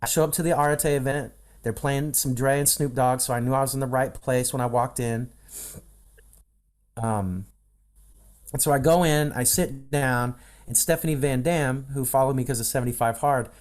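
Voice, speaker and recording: A man's voice: mid-range voice, normal speed. A man from the Midwestern United States, a voice coach and podcast guest, telling stories in a casual interview and acting out the voices in them, recorded over a video call. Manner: animated storyteller who acts out quoted dialogue.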